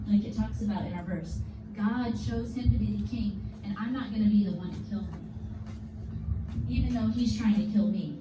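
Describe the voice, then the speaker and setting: A woman teaching a children's Bible lesson in a church classroom, telling the story in an animated, casual way with props. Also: mid-range voice, moderate pace. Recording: roomy, distant mic, faint background noise.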